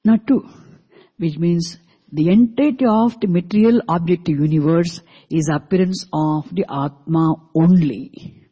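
A teacher giving a scripture class, deliberately repeating and explaining Sanskrit terms and asking the students questions. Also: mid-range voice, mellow, breathy edge. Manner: asks the class rhetorical questions. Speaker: Vedanta teacher.

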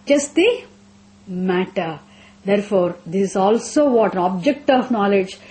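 A woman's voice: medium pitch, warm tone. A woman teaching a scripture class, repeating phrases, asking rhetorical questions and chanting verses.

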